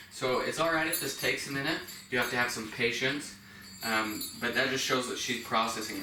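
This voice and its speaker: Bright-voiced dog trainer, echoey room. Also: male voice, moderate pace, slight background noise. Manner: relaxed, explanatory, bursts of high-pitched praise to the dog. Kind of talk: casual training demonstration. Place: indoors at a home. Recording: echoey room, distant from the mic.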